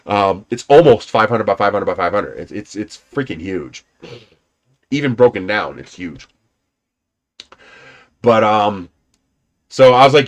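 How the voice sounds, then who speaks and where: A man's voice: on the low side, very animated, takes it slowly, pauses often. A man casually rambling through personal stories on a livestream, laughing often and swearing now and then. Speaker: livestream host.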